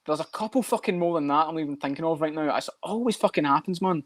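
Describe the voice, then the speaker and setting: A man's voice: a little high, dry recording. A man co-hosting a podcast, talking casually with lots of swearing and jokey asides. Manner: fast, sweary and jokey, slips into mock voices. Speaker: podcast co-host. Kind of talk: casual chat.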